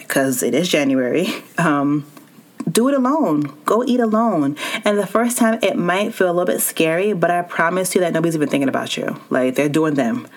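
A woman hosting a solo wellness podcast, talking straight to her listeners in an encouraging way. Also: lowish voice. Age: adult with child and spouse. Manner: warm encouraging, speaks directly to listener. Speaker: podcast host.

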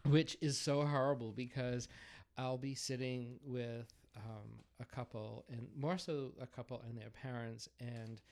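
A middle-aged man from Massachusetts with a Boston accent, chatting as a podcast guest in an animated, self-deprecating way. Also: mid-range voice, unhurried. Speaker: guest, floral designer. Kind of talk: casual podcast interview.

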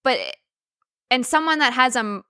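Bright high-voiced woman, close and dry. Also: measured pace, no room sound. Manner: indignant rhetorical questioning. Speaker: podcast co-host. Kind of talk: casual chat.

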